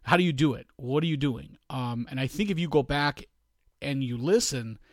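A man's voice: medium pitch, normal speed, dry recording, clean studio sound. A man co-hosting a podcast in casual chat, rambling through stories and acting out quoted asides. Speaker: podcast co-host.

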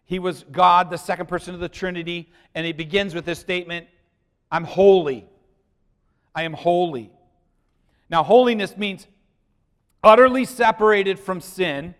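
A pastor preaching a sermon to a congregation, swinging between loud emphasis and quiet, hushed lines and putting questions to the listeners. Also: male voice, high-pitched, steady tone, normal speed, smooth.

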